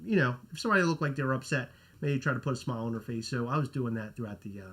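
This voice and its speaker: A man's voice: medium pitch, racing, fairly bright tone. A man hosting a casual livestream, rambling and correcting himself while reading chat names and swearing. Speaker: podcast host.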